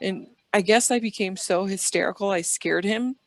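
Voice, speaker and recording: A woman's voice: medium pitch, moderate pace, dry recording. A woman guest on an interview show, telling rambling personal stories in a chatty way and acting out the dialogue. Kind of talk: casual storytelling interview.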